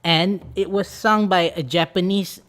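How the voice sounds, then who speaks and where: A man hosting a casual podcast chat, animated and laughing often as he talks. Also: sits high, unhurried. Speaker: podcast host.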